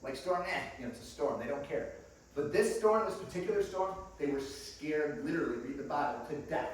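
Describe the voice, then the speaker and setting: A man giving a sermon in a small church, telling stories and acting out the voices, swinging from quiet to loud. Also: on the high side, expressive, brisk. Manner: storytelling, acts out dialogue, swings from quiet to loud. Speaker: guest preacher. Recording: echoey church room, mic at a distance.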